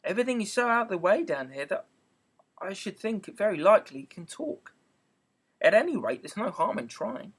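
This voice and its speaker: A man's voice: sits high, sing-song, a little fast, breathy edge, heavily acted. A man voicing a curious, chatty young girl who talks in an eager, prim and rambling way in an amateur audiobook reading. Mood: musing.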